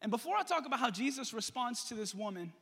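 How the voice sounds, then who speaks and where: A young male pastor telling a story in a lively, joking sermon to his church. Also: very high voice, fast talker, husky. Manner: animated, jokey, talks to the congregation. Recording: long hall reverb.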